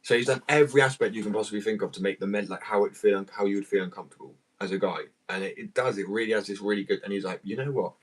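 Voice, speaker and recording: A man's voice: on the low side, fairly even intonation, rapid-fire, hardly any pauses, poor audio. A man, chatting casually and rambling for a vlog, swearing freely and sounding drowsy and loose. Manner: rambling, sweary, laid-back. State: drowsy on muscle relaxant.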